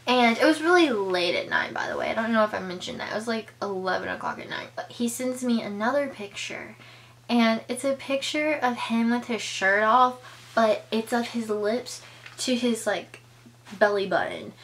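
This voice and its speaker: A woman's voice: sing-song, normal speed, a bit bright, slight background noise. A young woman telling a casual storytime on her vlog, chatty, full of filler words, and acting out the lines she quotes. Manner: chatty, filler-heavy, acts out quoted lines with big pitch jumps. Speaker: vlogger.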